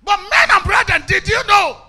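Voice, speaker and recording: Forceful high-voiced Nigerian preacher. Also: male voice, lively intonation, normal speed. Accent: Nigerian English. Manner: impassioned preaching, bursts into shouts, mixes in Pidgin. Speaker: evangelist. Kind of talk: sermon.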